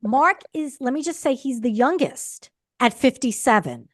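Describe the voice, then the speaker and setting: A woman co-hosting a recap podcast, chatting casually and gushing excitedly. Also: sits high, moderate pace. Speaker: podcast co-host.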